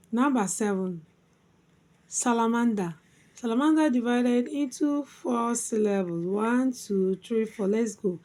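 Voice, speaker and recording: A woman teaching phonics, spelling words out letter by letter in a slow, deliberate way, with non-native English grammar. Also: on the high side, mellow. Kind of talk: spelling tutorial.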